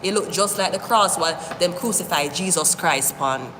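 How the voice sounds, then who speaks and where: A woman giving a live-stream tarot reading, talking straight to the viewer in an animated, rambling way, often cursing. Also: fairly low pitch, moderate pace. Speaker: tarot reader. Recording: echoey room with long reverb, faint hiss.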